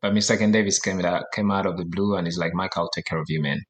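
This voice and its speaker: Lively Ugandan man telling his story. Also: deep voice, quick pace. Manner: animated, acts out dialogue, laughs often. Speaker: guest, professional soccer player. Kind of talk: casual storytelling.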